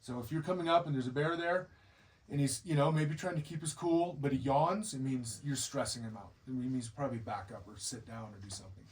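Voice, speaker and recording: A man's voice: mid-range voice, brisk, recorded from a distance, low-quality recording. A man giving an informal training lecture to bear viewing staff, explaining behavior and acting out what bears and guides might say. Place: lodge room with a group.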